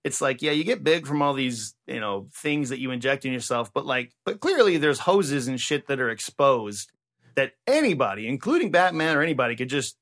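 A man's voice: mid-range voice, a little fast. Man swearing in casual podcast banter. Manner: profane, rambling, animated. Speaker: podcast co-host. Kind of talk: casual comedic chat.

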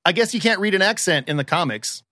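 Bright, dry-sounding man chatting. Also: sits high, lively intonation, no room sound. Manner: quick, jokey, does voices for laughs. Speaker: podcast guest. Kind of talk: casual chat among friends.

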